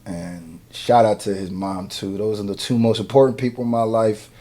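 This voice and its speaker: A man's voice: fairly even intonation, moderate pace. Emotional man gushing through a reaction. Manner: emotional, gushing, swings from low murmurs to loud laughing outbursts. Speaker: music video reactor. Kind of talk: casual reaction commentary.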